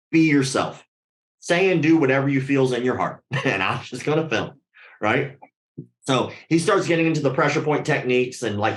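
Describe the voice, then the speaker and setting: Recorded with plenty of reverb, this mid-range male voice spins a casual, animated story full of swearing. Whenever he quotes someone, he acts out their voice.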